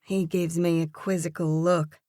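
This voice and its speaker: A woman narrating a first-person romance audiobook with an expressive, lively character reading. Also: on the low side, unhurried, no room sound, studio quality.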